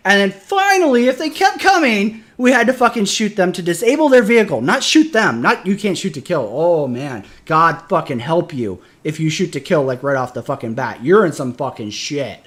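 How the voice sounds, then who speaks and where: A man's voice: high-pitched, expressive, normal speed, few pauses, fairly bright tone. A man, a military veteran, chatting casually on a stream and ranting with lots of profanity. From Michigan. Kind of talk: casual chat.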